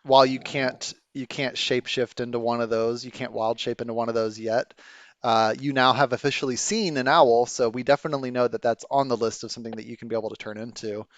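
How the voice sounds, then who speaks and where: Male game master, mid-pitch, rambling delivery, dry muffled call audio. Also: steady tone, fast, no room sound. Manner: rambling, many fillers and restarts. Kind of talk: narrating a tabletop game.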